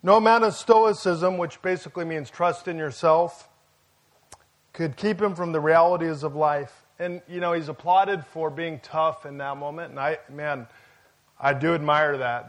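A pastor with a fairly high voice preaches to his congregation. He keeps it conversational, dropping in jokes and asides as he goes. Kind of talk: sermon.

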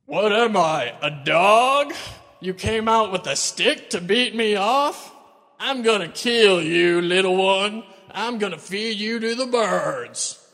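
A man voicing a boastful, bloodthirsty giant warrior who shouts mocking taunts. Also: sits high, lively intonation, takes it slowly, voice pushed up, full character voice. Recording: long hall reverb.

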